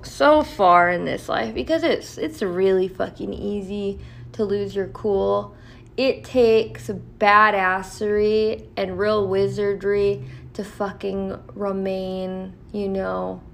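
A woman's voice: mid-range voice, creaky, a little hiss or hum. A woman vlogger talking candidly with lots of swearing and fillers, reading aloud from a list now and then. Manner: profane, candid, filler-heavy. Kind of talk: casual talk mixed with reading aloud.

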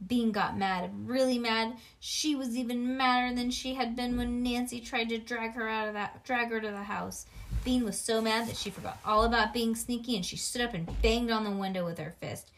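A woman's voice: a little high, normal speed. Woman reading a children's book aloud. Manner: animated, with asides to a child listener. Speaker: reader.

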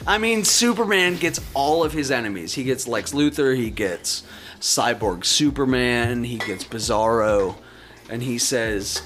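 Excited, profane man talking comics. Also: mid-range voice, unhurried. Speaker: podcast guest, comics fan. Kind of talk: casual podcast chat.

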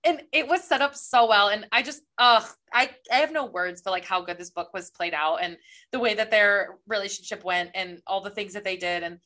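A woman's voice: mid-range voice, brisk, bright, forceful tone. A woman co-hosting a podcast, recapping a novel in a casual, enthusiastic ramble. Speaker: podcast co-host. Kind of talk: casual book chat.

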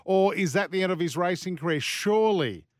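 Besetzung: Australier, Sportmoderator, lockerer Plauderton, Stimme etwas höher, trockener Studioklang. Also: male voice, sits high, lively intonation, a little fast, no room sound, clean studio sound. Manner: joking, wraps up with sponsor reads. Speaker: sports segment host. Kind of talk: casual banter on a talk show.

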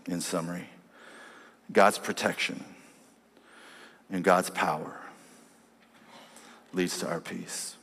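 Pastor, male, bright sermon delivery, storytelling, long hall reverb. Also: level tone, slow pace, gravelly, pauses often. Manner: storytelling, swings from loud preaching to low quiet lines. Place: large church hall.

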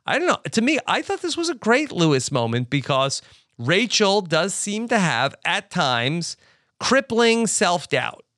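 A man's voice: sits high, unhurried, no echo, studio quality. A man hosting a podcast, steadily leading a casual recap of a TV episode and reading listener feedback. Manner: steady, leads the talk, reads out listener feedback. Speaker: podcast host.

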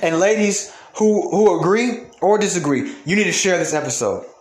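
High-voiced man ranting angrily, roomy echo. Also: animated, moderate pace. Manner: angry, profane, repeats for emphasis. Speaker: podcast host. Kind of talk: heated ranting monologue.

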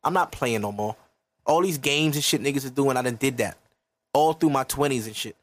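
A man's voice: medium pitch, fairly quick, dry recording. Profane man in his thirties ranting. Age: 30s. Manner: profane, emphatic, lecturing. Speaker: podcast host. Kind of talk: casual podcast rant.

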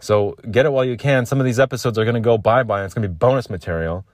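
A man's voice: mid-range voice, racing, dry recording, studio quality. A man hosting a solo podcast, ranting emphatically and swearing freely. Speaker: podcast host.

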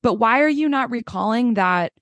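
A woman co-hosting a casual podcast chat, animated and blunt, swearing and mocking people in put-on voices. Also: on the high side, normal speed, no echo, muffled recording. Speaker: podcast co-host.

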